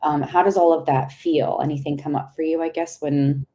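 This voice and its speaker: A young woman with a low, soft, mellow voice gives a live intuitive tarot reading. She rambles and gropes for words, breaks into sudden excited outbursts and swears casually. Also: normal speed, low-quality recording. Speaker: tarot reader.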